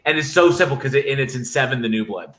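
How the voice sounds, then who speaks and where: Bright, animated male podcast host. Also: medium pitch, fast talker. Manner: animated, swearing, retells scenes excitedly. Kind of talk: casual chat.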